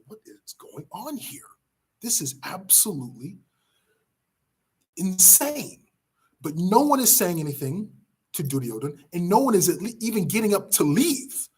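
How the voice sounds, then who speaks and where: A man teaching a class by retelling an epic story in a dramatic, emphatic way with pauses. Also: high voice, husky. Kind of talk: storytelling lesson.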